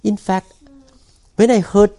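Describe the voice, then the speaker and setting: Pastor guy preaching, mellow warm voice, halting, keeps repeating words. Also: high-pitched, level tone, creaky. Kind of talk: sermon.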